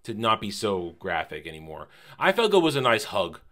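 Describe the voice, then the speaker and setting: Male reviewer, casual and emphatic, with a bright, forward tone. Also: on the low side, moderate pace. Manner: animated and emphatic, fond of repeating phrases; casual, with mild swearing. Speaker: TV series reviewer.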